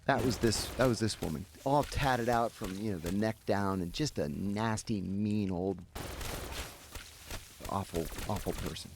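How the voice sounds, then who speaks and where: A man, a guest in an interview, telling a story in an animated way and acting out the people he quotes. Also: fairly low pitch, measured pace, noisy background.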